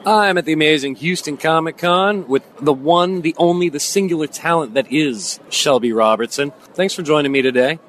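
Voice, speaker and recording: A man's voice: a little high, normal speed, few pauses, fairly bright tone, a little hiss or hum. A man reporting from a comic convention, asking an interviewee casual questions. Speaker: roving reporter. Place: outdoors at a convention.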